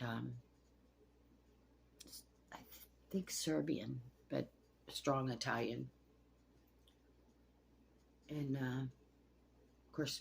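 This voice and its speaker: Sixties storyteller, gravelly, profane and emotional, rambling late-night confession. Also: mid-range voice, a little hiss or hum.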